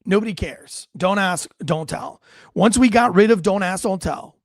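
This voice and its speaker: A man's voice: sits high, moderate pace, no echo, clean studio sound. A man hosting a livestream, ranting bluntly and profanely with wisecracks and reading out chat comments. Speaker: livestream show host and military veteran.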